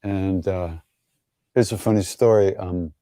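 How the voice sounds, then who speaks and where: Relaxed low-voiced man, dry wry storytelling. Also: no room sound. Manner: easygoing, wry, chuckling, halting with many fillers. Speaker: spiritual teacher answering viewer questions. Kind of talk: casual online Q&A storytelling.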